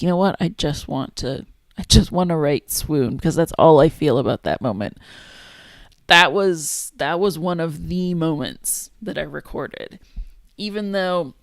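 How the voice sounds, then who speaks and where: A woman casually chatting on a livestream as she makes a zine, thinking out loud and trailing off mid-sentence. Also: low-pitched, creaky, dry recording. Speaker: zine maker streaming her work. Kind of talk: casual livestream chat while working.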